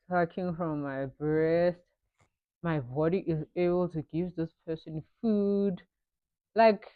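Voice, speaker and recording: A woman's voice: low voice, dry recording, dull audio. A South African woman chatting casually while doing her makeup, mixing English with local-language phrases as she talks about motherhood. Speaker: vlogger and mother. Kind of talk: casual get-ready-with-me chat.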